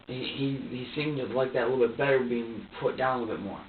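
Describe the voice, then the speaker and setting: A man being questioned as a suspect, telling his side in a halting, repetitive and distressed way. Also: mid-range voice. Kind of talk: emotional account to investigators. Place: interrogation room. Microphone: far room microphone. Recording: distant, echoey, tinny surveillance recording with faint hiss.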